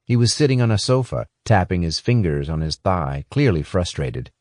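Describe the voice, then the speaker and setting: A man reading a thriller audiobook in a steady, even scripted narration. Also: low voice, moderate pace, no echo, clean studio sound.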